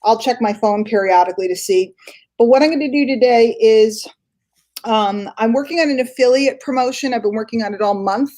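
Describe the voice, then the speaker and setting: A woman's voice: fairly high pitch, brisk, a little mellow. Chatty woman hosting a live stream. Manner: chatty, thinks aloud with many fillers. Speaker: host. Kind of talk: casual live-stream chat.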